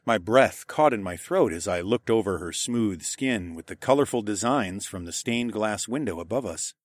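A man's voice: on the low side, expressive, moderate pace, no room sound, clean studio sound. A man narrating an audiobook in first person, reading steadily.

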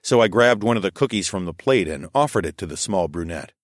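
A man narrating an audiobook in the first person and voicing the lead character, in a calm, measured way. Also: low voice, no room sound, studio quality.

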